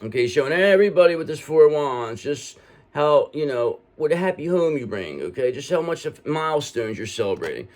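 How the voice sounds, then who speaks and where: A man's voice: on the high side, big pitch swings, brisk. A man reading tarot cards and speaking straight to the viewer in a reassuring way, ending many points with "okay?". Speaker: tarot reader.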